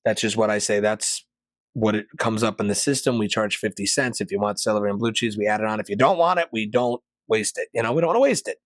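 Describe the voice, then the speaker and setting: A man hosting a podcast, ranting sarcastically in a casual monologue and jumping to loud, high peaks. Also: quick pace, no echo. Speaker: podcast host.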